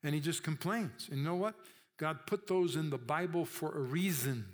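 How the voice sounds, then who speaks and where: A man preaches a sermon in a conversational style, often checking in with his listeners and acting out the voices of those he quotes. His voice is a little high, and his pace is moderate.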